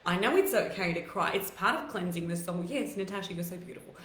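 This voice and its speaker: A woman hosting a live online talk, emotional and close to tears, giving heartfelt, rambling encouragement with many fillers in a voice rougher and deeper than her usual. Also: fast, fairly bright tone. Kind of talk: live-stream motivational talk to viewers. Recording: echoey room.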